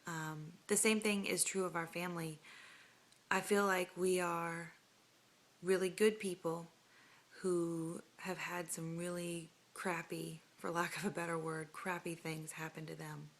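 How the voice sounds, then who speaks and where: Earnest woman with a bright voice. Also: lowish voice, little pitch movement, measured pace. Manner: earnest, heartfelt, hesitant. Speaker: homeowner making an audition video. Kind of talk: earnest home-video plea to camera. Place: at home.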